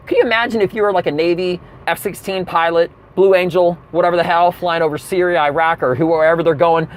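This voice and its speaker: A man telling a comedic rant from his car, acting out the people in his story. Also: high-pitched. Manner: animated storytelling with acted-out quotes.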